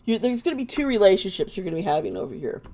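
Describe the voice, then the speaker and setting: A woman's voice: mid-range voice, sing-song, racing, warm tone. A woman giving live tarot readings to viewers, chatty and blunt, often laughing as she talks. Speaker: tarot reader.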